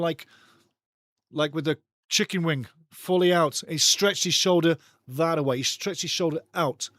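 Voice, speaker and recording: A middle-aged man calls a football match live in an energetic, chatty way, switching between quick play-by-play and rambling stories. His voice sits a little high for a man. It is recorded close and dry, with no room sound. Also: no echo. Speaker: watch-along football commentator. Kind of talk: live watch-along match commentary.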